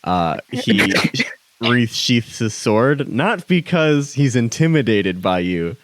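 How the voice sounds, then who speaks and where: A man narrating a tabletop game as game master, halting with many ums and restarts. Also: medium pitch, sing-song.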